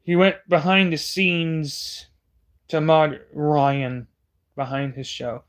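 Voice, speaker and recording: Angry ranting man, higher voice. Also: little pitch movement, slow. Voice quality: profane, combative, repetitive. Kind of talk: heated ranting callout.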